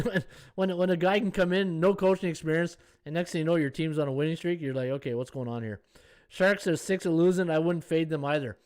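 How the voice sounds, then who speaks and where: With a fairly high, darkish voice, a man hosts a sports betting podcast as casual live-stream analysis. He muses out loud about the odds and reads out comments from viewers.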